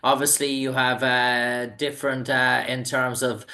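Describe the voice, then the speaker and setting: A man's voice: medium pitch, flat delivery, measured pace, pushed and bright. A man hosting an interview, asking long, rambling questions with many restarts. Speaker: interviewer host.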